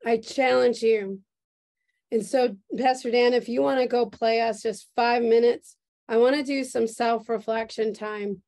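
A woman pastor with a fairly high voice delivers a prophetic sermon at an unhurried pace. She speaks with earnest emotion and circles back to the same phrases. The sound comes through a video call. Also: fairly even intonation, darkish tone. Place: church service streamed on video call.

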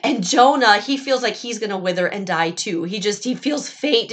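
Animated, higher-voiced woman storyteller. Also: moderate pace. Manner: animated, expressive, with explanatory asides. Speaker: children's Bible storyteller. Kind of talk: storytelling to children.

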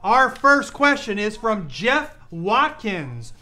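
A man co-hosting a live stream, upbeat and excitable, chatting casually with plenty of fillers. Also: sits high, slow pace, faint music behind. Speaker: livestream co-host.

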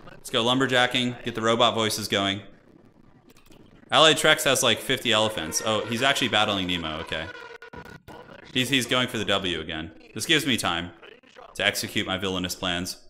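Young guy streaming a strategy game, lowish voice but bright, rambling as he plays. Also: moderate pace, slight background noise. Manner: chatty, thinks aloud, frequent restarts. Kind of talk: casual gameplay commentary.

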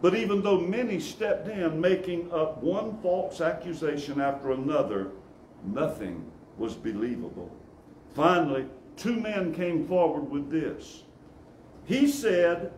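A man preaching a sermon, reading scripture as a dramatic story and dropping low and quiet on solemn lines. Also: animated, unhurried, a little hiss or hum. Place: church sanctuary. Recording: echoey church room, faint ambience.

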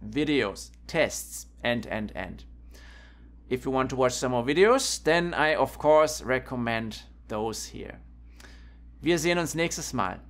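Man, language teacher, unhurried careful delivery, repeats each example twice. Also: medium pitch, a bit bright. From Germany. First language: German. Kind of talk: pronunciation lesson.

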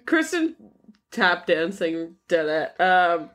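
A woman's voice: fairly low pitch, sing-song, slow pace. Dry-humored young woman podcast co-host. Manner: dry, wry remarks, lots of quiet agreement. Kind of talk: casual chat.

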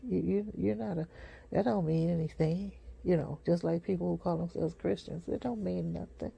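Sleepy, gravelly, husky street preacher. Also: mid-range voice, fairly even intonation, mellow, dry recording. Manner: repetitive, halting, many fillers and restarts. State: sleepy, yawning. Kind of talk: rambling personal testimony.

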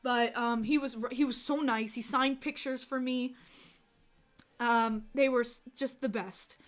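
A woman hosting a casual livestream, excitable and chatty, laughing often and swearing casually. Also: a little high, unhurried. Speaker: livestream host.

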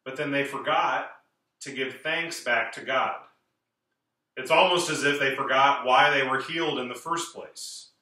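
Scripture reading and a homily come from a bright-voiced priest of medium pitch, his voice distant and reverberant in a large church. He speaks in a measured, clear way, with slow pauses that add weight.

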